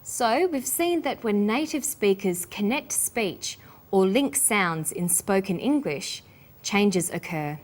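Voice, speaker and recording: An Australian woman hosts an English lesson in a scripted, teacherly delivery. She speaks at a deliberately slow pace, spelling out each sound with careful precision at a middle pitch. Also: expressive, a little hiss or hum. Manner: slow, careful, clearly enunciated.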